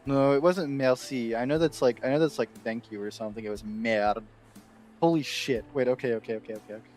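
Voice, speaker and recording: A man's voice: medium pitch, a little fast, faint music behind. Laughing, rambling male streamer. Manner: laughs often, excitable, rambling. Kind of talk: casual chat on stream.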